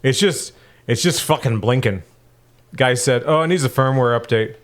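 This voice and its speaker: A young adult man co-hosting a casual gaming podcast, telling stories in an animated, profane, ranting way. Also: medium pitch, moderate pace. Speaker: podcast co-host.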